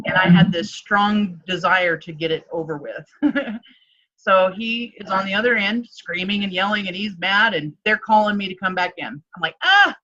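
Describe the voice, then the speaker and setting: Bright-voiced woman telling a candid story. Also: medium pitch, moderate pace, muffled recording. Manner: emotional storytelling with many fillers, acts out quotes. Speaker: life coach. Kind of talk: candid personal story in an interview.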